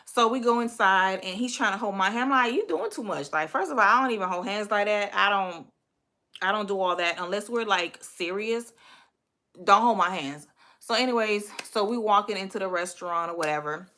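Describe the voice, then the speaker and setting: Young woman, bright forceful tone, foul-mouthed storytime delivery. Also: mid-range voice, fairly quick. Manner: profane, animated, quoting her own thoughts. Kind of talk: casual storytime vlog.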